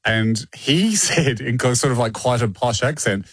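A man's voice: mid-range voice, unhurried, husky. A man, co-hosting a casual podcast chat and telling stories with frequent laughter. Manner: animated storytelling, laughs often. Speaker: podcast co-host.

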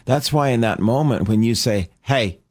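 A man's voice: mid-range voice, normal speed, darkish tone, dry recording, studio quality. A man who works as a dog behavior counselor, explaining dog behavior as a guest in an interview. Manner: explanatory, acts out dog and owner voices.

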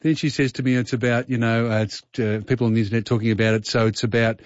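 Chatty radio host. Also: male voice, medium pitch, level tone, quick pace, no room sound, muffled recording. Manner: rambling, chatty, laughs easily. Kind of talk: casual radio chat.

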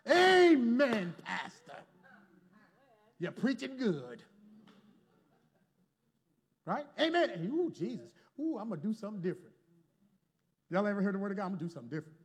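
Male pastor, higher-pitched voice, dramatic volume swings and call-and-response with the congregation. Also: sing-song, unhurried, long pauses, breathy edge. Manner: call-and-response preaching with sudden swings from loud to hushed. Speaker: preacher. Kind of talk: sermon. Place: church before a congregation.

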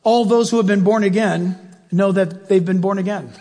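Husky high-voiced preacher in a big hall. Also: male voice, normal speed. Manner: animated, emphatic, rhetorical questions to the audience. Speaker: pastor. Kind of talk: sermon.

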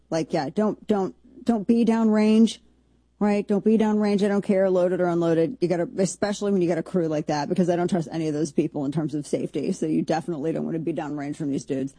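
A woman hosts talk radio with mellow, darkish tone and a slightly husky edge. She riffs in an incredulous, rambling, jokey way, and the sound is dry and close. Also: low-pitched, no room sound. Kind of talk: opinionated talk radio commentary.

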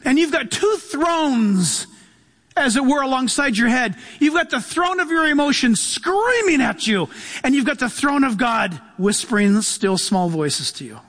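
A male pastor preaching a sermon, animated, acting out voices and dropping to a hush for emphasis. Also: very high voice, normal speed, long reverb tail.

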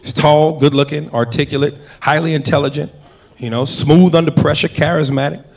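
A man's voice: a little high, fairly even intonation, a little fast, creaky, darkish tone. Punchy stand-up comic man, echoey club. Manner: punchy, addresses the crowd directly. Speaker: stand-up comedian. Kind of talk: stand-up routine. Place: comedy club stage. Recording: echoey live club with crowd and noise.

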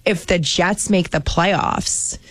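A woman from New Jersey chats on a radio show in a relaxed, giggly way, scattering "like" through her sentences. Her voice sits a bit low for a woman. The sound is close and dry, with no room around it. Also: slow pace, no echo. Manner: chatty, giggly, lots of "like" fillers. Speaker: radio show segment regular. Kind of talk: casual radio chat.

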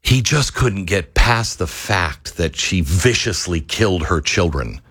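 A male talk radio host pours out an impassioned monologue, his pitch leaping and dropping in a lively way. He moves between hushed intensity and near shouting. The sound is dry and close, with no room around it. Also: measured pace, few pauses, slightly rough, no echo. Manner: impassioned, swings from quiet to yelling.

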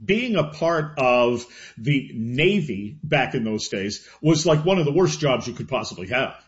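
A man hosting a casual radio show, joking in a relaxed way with his co-host. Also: mid-range voice, unhurried. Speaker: host, broadcaster. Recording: muffled lo-fi radio audio.

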